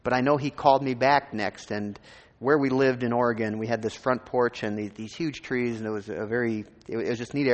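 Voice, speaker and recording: A man's voice: mid-range voice, in a large hall. A man from Minnesota, a pastor, telling his personal testimony in a sermon in an informal, rambling way with many restarts.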